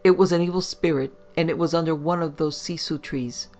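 A man's voice: on the high side, steady tone, fairly quick, a little mellow, soft background music, close to an everyday voice. A man doing a trembling, pleading hunting guide. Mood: grave. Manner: pleading, urgent warnings. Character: frightened Indian hunting guide, man, superstitious.

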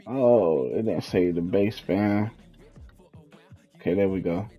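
A man's voice: deep voice, takes it slowly, lo-fi sound, faint music behind. A young man hosting a casual gaming walkthrough, talking in a laid-back, slangy way and trailing off while he thinks. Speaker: gaming video host. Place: at home, in his fiancée's house.

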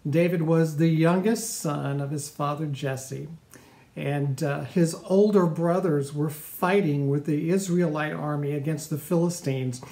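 A man's voice: a little high, darkish tone, reverberant. A male pastor giving a sermon and retelling a story in a casual, conversational way.

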